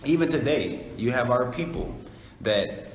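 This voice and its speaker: A man casually teaching a Bible study, explaining scripture in a conversational, animated way. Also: medium pitch, a little slow. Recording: echoey hall, faint noise.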